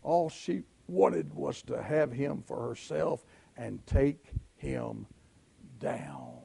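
A middle-aged man with a Southern US accent preaching a sermon, telling folksy stories and swelling into shouts. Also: mid-range voice, big pitch swings, extremely slow, vocal fry, breathy edge. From Southern United States. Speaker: pastor.

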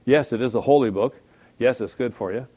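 A man's voice: medium pitch, fairly quick, dark tone, breathy edge. Man preaching in a conversational way. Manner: conversational preaching, rhetorical check-ins. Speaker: pastor. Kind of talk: sermon.

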